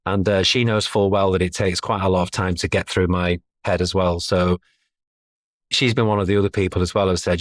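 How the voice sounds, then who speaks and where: Low-voiced man, chatty podcast guest. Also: fairly even intonation, a little fast, no echo, clean studio sound. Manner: chatty, self-deprecating, laughs between thoughts. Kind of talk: casual conversational interview.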